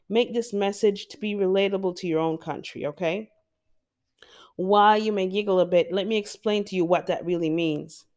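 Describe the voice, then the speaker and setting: A woman's voice: medium pitch, a little mellow. A Jamaican woman hosting a motivational podcast, talking straight to her listeners in an emphatic, encouraging way. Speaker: podcast host.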